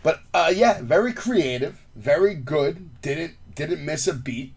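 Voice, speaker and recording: A man hosting a wrestling podcast in casual chat. He recaps events with lively swings in his voice and turns to his co-host for grades. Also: a little high, a little slow, husky.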